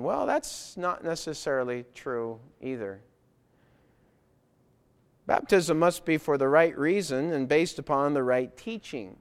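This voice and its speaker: A man delivers a sermon from a church pulpit, his voice sitting a little on the high side. He is earnest and emphatic, driving his points home by repeating them. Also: normal speed, smooth. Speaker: preacher. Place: church with baptistry.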